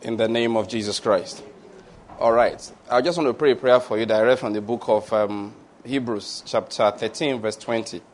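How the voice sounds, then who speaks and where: A male pastor, preaching a lively sermon that ends in prayer and blessings. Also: lowish voice, moderate pace, slight background noise. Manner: lively preaching, laughs at his own stories, call-and-response blessings.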